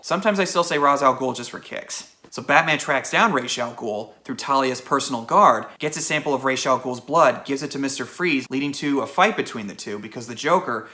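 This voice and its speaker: Male game reviewer, bright tense tone, easygoing, recaps plot with asides. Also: medium pitch, a little fast, few pauses. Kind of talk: casual game review narration.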